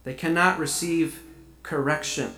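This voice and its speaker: A man's voice: on the high side, fairly even intonation, unhurried, pushed and bright, echoey room, low-quality recording. A man preaching a sermon, reading scripture aloud and explaining it earnestly. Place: church sanctuary.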